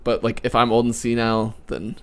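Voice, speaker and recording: This young man hosts a loose podcast with his friends. He rambles through everyday stories, laughs often and lets his voice rise when he gets worked up. His pitch sits in the middle of the range for a man. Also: monotone, brisk. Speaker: podcast host. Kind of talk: casual podcast chat.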